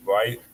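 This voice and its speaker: A man's voice: medium pitch, darkish tone, a little hiss or hum, low-quality recording. A man co-hosting a casual political chat, mostly chiming in with short agreeing replies and chuckles. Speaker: co-host.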